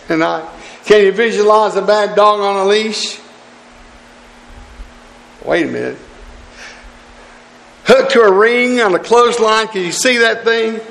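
A man's voice: sits high, a little slow, vocal fry, pauses often, fairly bright tone, in a large hall. A man preaching a sermon in a church, folksy and pleading with his congregation, chuckling as he goes.

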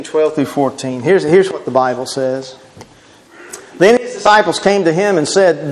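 A man preaching a sermon, quoting scripture emphatically and mimicking his critics. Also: high voice. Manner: emphatic, quotes scripture, mock voices of critics. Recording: long hall reverb.

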